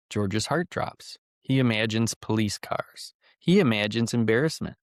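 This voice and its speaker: A man's voice: lowish voice, moderate pace, vocal fry, dry recording, clean studio sound. A man hosting a podcast, talking casually with lots of ums and telling a cautionary story. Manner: relaxed, frequent ums and uhs, conversational. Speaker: podcast host.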